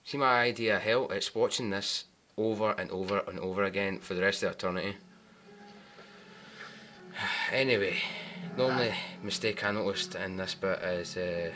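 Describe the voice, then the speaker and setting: A man's voice: lowish voice, normal speed, sharp tone, a little hiss or hum. A man giving casual, wry commentary on film mistakes over clips, with sarcastic asides. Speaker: movie mistake reviewer.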